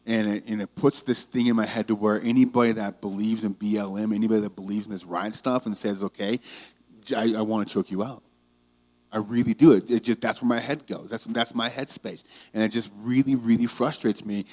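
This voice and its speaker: Heated, low-voiced male pastor. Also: fairly even intonation, brisk, darkish tone. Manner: conversational storytelling, grows heated. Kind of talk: sermon.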